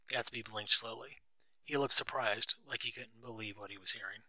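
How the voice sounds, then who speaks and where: A man's voice: on the low side, moderate pace, sharp tone, no room sound, rough recording. A man narrating a simplified novel aloud in a plain, simple reading style for young readers. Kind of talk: storybook read-aloud narration.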